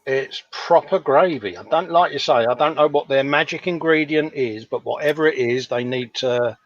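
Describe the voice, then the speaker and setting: A man's voice: fairly high pitch, moderate pace, no echo, dull audio. A man co-hosting a casual live chat, joking and laughing as he goes. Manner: jokey, laughs often. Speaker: co-host.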